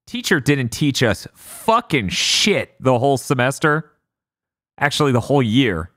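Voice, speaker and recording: A man's voice: medium pitch, sing-song, measured pace, fairly bright tone, no echo. A man hosting a casual podcast, spinning stories in a blunt, profane way. His voice sits mid-range and is recorded close and dry, with no room sound. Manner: storytelling, blunt, swears freely. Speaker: podcast host.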